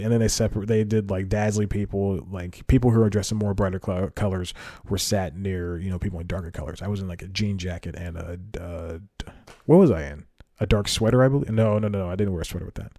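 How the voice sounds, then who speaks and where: Male comedy podcast host, rambling self-correcting monologue delivery, dark mellow tone. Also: on the low side, steady tone, a little fast, no echo, studio quality.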